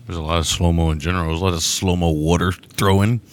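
A man's voice: sits low, steady tone, quick pace. A man co-hosting a podcast, chatting casually about a film, laughing often and stammering into restarts. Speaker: podcast co-host.

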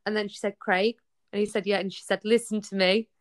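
A woman's voice: medium pitch, a little fast. A young woman, a podcast guest telling her story in casual chat and acting out the dialogue. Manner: animated, acts out quoted dialogue.

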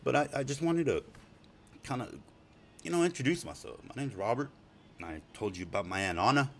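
A man's voice: medium pitch, brisk, vocal fry, a bit bright, a little hiss or hum. A middle-aged man rambling in a profane, emotional personal video message to his family, laughing and tearing up. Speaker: father speaking to family.

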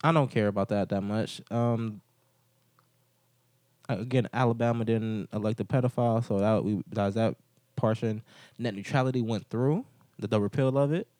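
A man's voice: fairly low pitch, steady tone, moderate pace, mellow, no room sound, studio quality. A young man hosting a casual podcast chat, telling rambling stories full of filler words. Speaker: podcast host.

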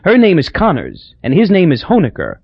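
A man reading aloud, voicing a chatty, excitable middle-aged woman with a gravelly edge. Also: fairly high pitch, brisk, dry recording, voice pushed up, exaggerated voice. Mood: gushing. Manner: gushing, emphatic. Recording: dull lo-fi audio.

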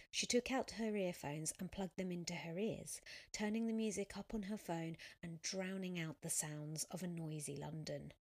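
A woman reading a story aloud as narrator, in a measured, even voice. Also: lowish voice, vocal fry. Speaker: audiobook narrator. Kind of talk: scripted narration.

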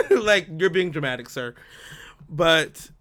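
Speaking slowly in a fairly high-pitched voice, a man co-hosting a podcast shares a story during casual conversation. He's lively, laughs a lot, and performs the quotes of the people involved.

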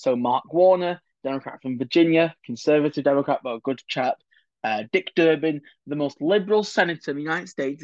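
A man's voice: a little high, no echo, lo-fi sound. A man hosting a solo political history podcast, chatty and opinionated, with many digressions and asides. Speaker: podcast host.

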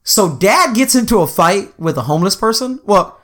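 A podcast host with a high-sitting, fairly bright, expressive voice tells a rambling, crude story at a moderate pace. It's casual storytelling chat packed with fillers and lots of "you know what I'm saying."

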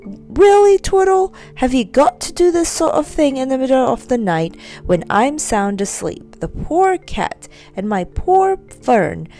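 A woman voicing a brisk, practical wife who scolds her husband sharply. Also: medium pitch, sing-song, dark tone, faint music behind. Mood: cross.

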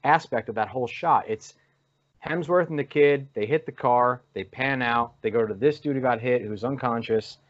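A man's voice: medium pitch, moderate pace. A man gushing about a movie's camera work in a casual podcast chat. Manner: enthusiastic, gushing. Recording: dull lo-fi sound.

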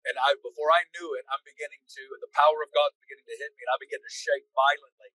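A man's voice: on the high side, fairly even intonation, fast, bright, forceful tone, no room sound, poor audio. A man recounting his personal testimony as a podcast guest, intense and dramatic, acting out the voices of people in his story. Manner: intense, dramatic retelling with vivid quoted dialogue.

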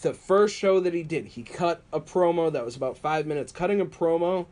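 A man casually telling wrestling stories on a podcast, animated and laughing often. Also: on the high side, a little fast. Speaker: podcast co-host.

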